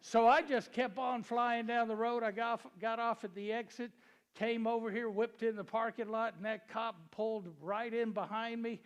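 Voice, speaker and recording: A man's voice: very high-pitched, flat delivery, moderate pace, clear, resonant tone. A man telling jokes and stories in a folksy way to a real estate seminar audience, asking them questions as he goes. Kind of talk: joke-telling seminar talk to a live audience.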